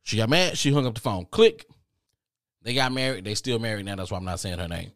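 A man hosting a podcast who tells a comedic personal story in an animated, exasperated way, swearing freely. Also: fairly low pitch, quick pace, no room sound, studio quality. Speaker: podcast host.

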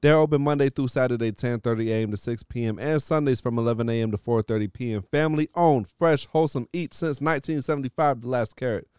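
A man's voice: medium pitch, a little mellow, clear, resonant tone, no room sound, studio quality. A man co-hosting a casual podcast, joking with friends and rattling off sponsor reads. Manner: joking, reads sponsor ads in a quick list. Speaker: podcast co-host.

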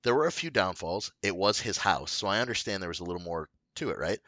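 A man's voice: low voice, expressive, quick pace, a bit bright, no room sound. A man telling a long story in casual chat, rambling with lots of fillers and swearing. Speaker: podcast co-host telling a story.

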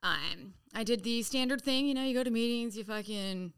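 A woman's voice: fairly high pitch, normal speed, smooth. A woman guest on a podcast telling her story in casual, profane speech, acting out quoted lines. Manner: animated, profane, acts out quotes.

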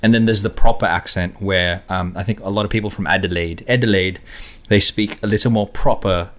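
A man with a slightly low voice chatting on a podcast. He tells stories with energy and slips into imitations of accents as he goes. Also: brisk. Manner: animated storyteller, imitates accents. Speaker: podcast co-host. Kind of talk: casual chat.

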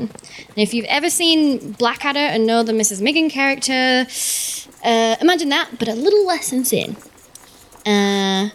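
Woman narrating a tabletop game. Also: fairly high pitch. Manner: descriptive, steady scene-setting. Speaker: game master.

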